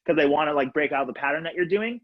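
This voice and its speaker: This upbeat color guard instructor talks fast in a slightly high voice, counting aloud through his live video-call class with lots of casual fillers. He's on the floor in a room at home, and the laptop webcam captures dull lo-fi call audio.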